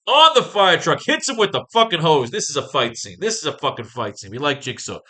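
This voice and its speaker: Guy teaching a comics class, swears a lot, bright punchy voice, gets hyped. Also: fairly high pitch, a little fast. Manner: excited, profane, reads comic panels aloud. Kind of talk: casual comic-planning talk.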